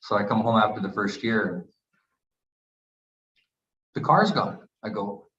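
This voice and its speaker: A man's voice: lowish voice, slow pace, a little hiss or hum. Storytelling Canadian man in his sixties. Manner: animated anecdotes with acted quotes. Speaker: retired hockey player and author. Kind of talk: storytelling at a book event. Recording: echoey, dull room recording.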